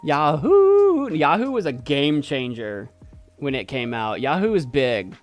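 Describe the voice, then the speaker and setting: A man's voice: mid-range voice, expressive, unhurried, soft background music. A man streaming, reading on-screen text aloud and adding wry, amused asides.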